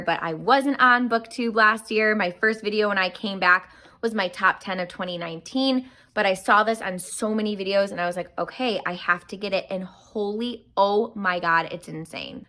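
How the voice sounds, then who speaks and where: A young woman chats about books she loves, her voice bright and her tone gushing and exclamatory. She sounds a little out of breath as she talks in a casual, excited way. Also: medium pitch. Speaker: book reviewer. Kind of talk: casual book review.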